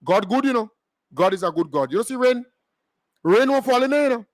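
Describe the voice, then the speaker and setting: A man's voice: very high voice, lively intonation, a little fast, no room sound, clean studio sound. A man with a Grenadian accent hosting a show, delivering a mocking political rant full of emphatic repetition.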